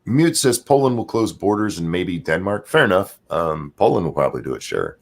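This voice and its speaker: A man with a low voice hosts a casual livestream, reading out viewer comments. His pitch leaps and dips a lot as he swings between loud jokes and quiet mumbled asides, always talking through a home mic. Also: big pitch swings, brisk. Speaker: livestream show host.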